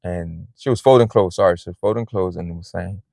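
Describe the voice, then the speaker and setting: A man's voice: low voice, brisk, creaky, warm tone, no room sound, studio quality. A man vlogging from a big parking lot outdoors, talking in a rambling, earnest, casual way, often saying "man" and "you know.". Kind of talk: casual personal vlog talk.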